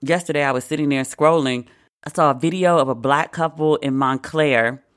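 A podcast host from the United States giving casual comedic commentary, profane and sarcastic, with animated asides. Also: medium pitch, moderate pace, clean tone.

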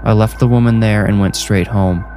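A man's voice: on the low side, steady tone, moderate pace, dark tone. A man narrating a first-person horror story in a dry, matter-of-fact way. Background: faint music.

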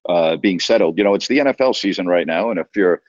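A man's voice: sits low, expressive, quick pace, dry recording. Exasperated ranting sports radio man. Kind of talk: sports talk radio rant. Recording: dull lo-fi sound.

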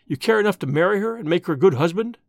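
A man's voice: high voice, lively intonation, very fast, no room sound. A man voicing a small, courteous English priest who speaks with earnest politeness, read in a story. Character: small quiet English priest, gently probing.

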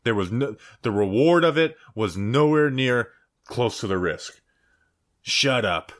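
A man's voice: medium pitch, expressive, unhurried, fairly bright tone. A man co-hosting a sports podcast, chatting casually and ranting in mocking tones. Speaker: podcast co-host.

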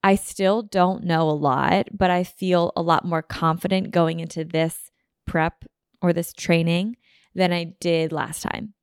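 A woman's voice: lowish voice, fairly even intonation, measured pace, smooth, no echo, studio quality. A woman hosting a solo podcast, chatting casually and rambling with lots of "like" fillers. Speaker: podcast host.

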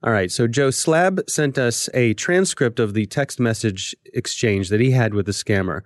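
A man's voice: medium pitch, normal speed, no echo. A man hosting a podcast in a casual, upbeat way, reading listener letters aloud. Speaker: podcast host.

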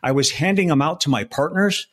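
A man in his sixties who once worked as an undercover federal agent tells a personal story in an interview. He's earnest and emotional, often halting and restarting, and his voice is a little high and a bit bright.

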